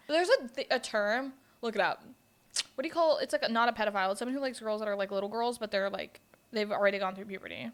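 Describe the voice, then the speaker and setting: A young woman hosts a podcast, a little higher than most. She tells stories bluntly, swears freely and laughs through the telling, with quick asides. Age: 20s. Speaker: podcast host. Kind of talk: casual storytelling chat.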